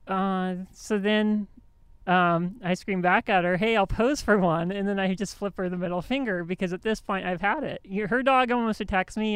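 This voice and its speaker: A woman's voice: medium pitch, smooth, no room sound. A woman hosting a show, telling a story in a casual monologue with indignant emphasis and many restarts. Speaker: host.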